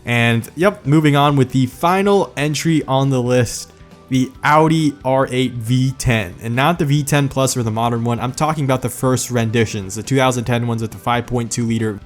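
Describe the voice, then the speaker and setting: A man's voice: medium pitch, moderate pace. A man hosting a car video in scripted narration, joking and sarcastic, with a slight lisp from medicine. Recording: faint music behind.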